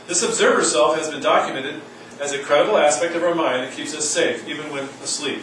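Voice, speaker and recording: A man's voice: fairly high pitch, fairly quick, a bit bright, slight background noise. A man giving a college lecture, reading aloud and adding wry comments. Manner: reads aloud and comments wryly. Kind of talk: classroom lecture. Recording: echoey room from far off.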